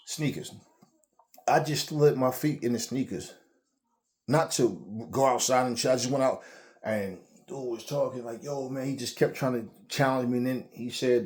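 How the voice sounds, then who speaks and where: Male host, mellow mid-pitched voice, casual profane storyteller who rambles. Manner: profane, rambling, repeats words. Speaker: boxing channel host.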